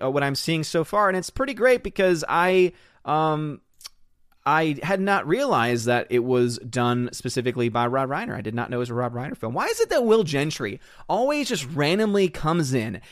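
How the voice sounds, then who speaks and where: A man's voice: fairly high pitch, dry recording, studio quality. A man in his thirties hosting a casual live stream, chatting upbeat and reading viewer comments aloud with playful voices. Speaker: livestream host.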